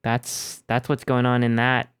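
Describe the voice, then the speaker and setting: A man's voice: medium pitch, completely flat delivery, measured pace, fairly bright tone, smooth, no echo, studio quality. A young man streaming from home into a desk microphone, rambling and joking about himself with lots of restarts. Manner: rambling, chatty, self-deprecating, with many restarts. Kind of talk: casual live-stream chat. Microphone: desk microphone through an audio interface.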